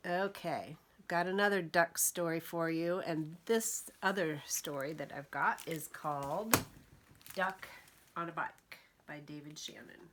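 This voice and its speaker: A woman librarian reading picture books aloud to young children, gentle and expressive. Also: sits low, measured pace, slight background noise. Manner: gentle, expressive storyteller for toddlers.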